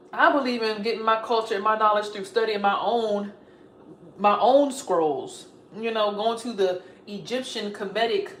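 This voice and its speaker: A woman ranting in a rambling live-stream monologue, animated and swearing as she talks. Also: medium pitch, reverberant, recorded from a distance, slight background noise, poor audio. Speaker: vlogger.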